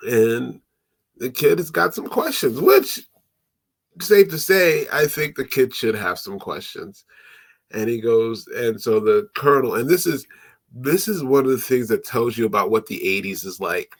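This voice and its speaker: A man with a gravelly, fry-tinged voice runs through a film recap in casual chat, laughing and jumping into funny voices for the characters. His sound is close and dry, with no room around it. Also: mid-range voice, measured pace, no room sound. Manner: animated, laughing, acting out quotes in voices. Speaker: podcast host. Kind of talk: casual movie recap commentary.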